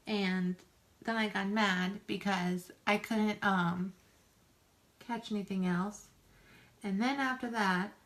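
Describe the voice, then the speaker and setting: A woman with a mid-range voice rambles through a get-ready-with-me makeup chat. She talks casually and folksily and often pokes fun at herself. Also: mid-range voice. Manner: chatty, rambling, self-deprecating, folksy. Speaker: makeup vlogger.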